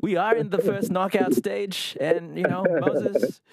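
A man's voice: high-pitched, unhurried, gravelly, over a noisy crowd. A man co-hosting a morning radio show, easygoing, often saying man and you know. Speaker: radio co-host.

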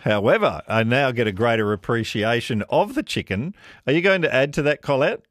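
A man's voice: medium pitch, expressive, fairly quick, fairly bright tone, no room sound. A man hosting a talkback radio show, chatty and jokey, often laughing at himself. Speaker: radio host. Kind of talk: casual talkback radio chat. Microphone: studio microphone.

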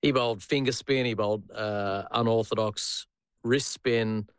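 Lower-voiced teasing Australian man. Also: steady tone, measured pace, smooth, no room sound, studio quality. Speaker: podcast co-host. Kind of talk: casual chat.

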